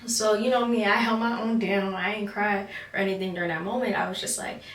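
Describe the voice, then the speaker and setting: A woman's voice: mid-range voice, fairly even intonation, fairly quick, a bit bright. A young woman telling a casual storytime, chatty and full of "like", talking through her teeth with an overbite. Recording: roomy, distant mic.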